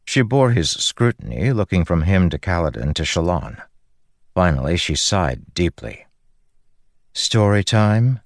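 A man narrates an audiobook in a steady, measured tone. His voice sits very low. The sound is dry and close to the mic. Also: no room sound. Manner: even, measured.

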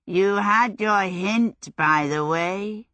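A grumpy, sleepy male fire demon , as a woman narrator puts him on, dragging out each word in an unhurried storybook drawl. The voice sits at an ordinary height, and the recording is close and dry. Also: mid-range voice, fairly bright tone, dry recording. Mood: grumbling.

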